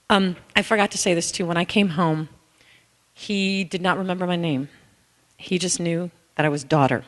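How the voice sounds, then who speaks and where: A woman's voice: fairly low pitch, normal speed. A middle-aged woman, an author, telling personal stories to an audience in a candid, conversational way. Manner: conversational, candid, acts out dialogue with "I'm like". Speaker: author and speaker. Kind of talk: personal storytelling talk. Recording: long hall reverb.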